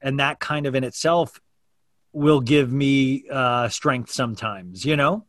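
A man who hosts a daily podcast talks candidly about his life in a loose, rambling way, often restarting his sentences. His voice sits at an average pitch. The sound is dry and close. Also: unhurried, a bit bright, no room sound. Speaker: podcast host. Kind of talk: casual chat.

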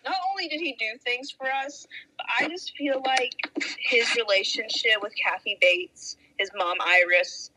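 A young woman co-hosting a podcast, talking enthusiastically and pausing on fillers as she thinks. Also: on the high side, sharp tone, poor audio. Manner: enthusiastic, with filler-laden pauses. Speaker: podcast co-host. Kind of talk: casual chat.

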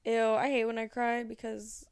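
A young woman with a high voice bantering on a podcast. She talks playfully and giggles often. The sound is close and dry. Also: monotone, moderate pace, clean tone, no room sound. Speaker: podcast co-host. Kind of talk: casual chat.

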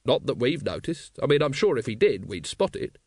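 A man voicing a weary, gruff watch captain. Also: mid-range voice, very animated, fairly quick, darkish tone, dry recording. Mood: dry. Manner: gruff, dry. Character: weary, bitter sacked male watch captain.

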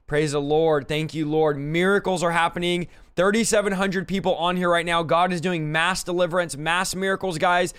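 A man hosting a live stream, quickly and excitedly reading viewer comments aloud. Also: a little high, clear, resonant tone, no room sound. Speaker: host.

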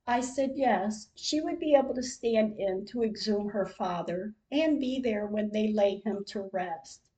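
An older woman tells her own story slowly and carefully, reading it like diary entries. Her voice is mellow and soft-edged, with a warm, unhurried delivery that carries feeling beneath it. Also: mid-range voice, poor audio. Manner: slow, measured storytelling with emotional moments. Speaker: podcast host. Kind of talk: reading a personal diary-style account.

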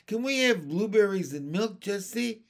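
Excited little boy, raised pitch, eager, bouncy tone, slight gravel, as a man reads him. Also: normal speed.

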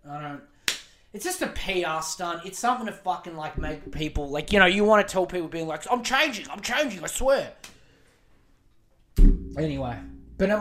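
A man's voice: fairly high pitch, fairly bright tone. A man hosting a podcast. He rants with heavy swearing and sarcasm. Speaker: podcast host. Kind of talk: profane ranting commentary.

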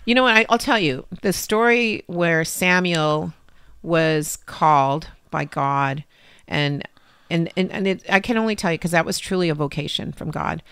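A woman's voice: lowish voice, moderate pace, a bit bright, clear, resonant tone, no room sound, studio quality. A middle-aged woman telling a personal faith story as an interview guest, acting out past conversations with strong emotion.

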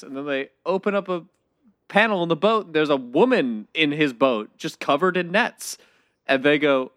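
A man with a fairly high voice jokes through scenes from a film, putting on the characters' lines. The recording is dry and close, with no room sound. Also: sing-song, moderate pace, fairly bright tone, no room sound. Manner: jokey, acts out quoted dialogue. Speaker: podcast co-host. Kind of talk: casual film-review chat.

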